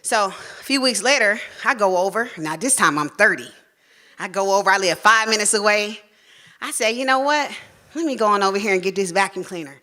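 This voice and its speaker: A woman telling a personal story on stage, frank and salty, acting out family members' voices in animated bursts. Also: medium pitch, brisk. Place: stage at a live storytelling show.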